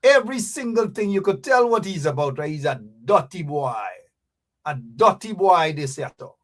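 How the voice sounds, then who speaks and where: A man's voice: high voice, animated, moderate pace. A man with a Guyanese accent hosting a radio show, giving a mocking political commentary full of repeated taunts.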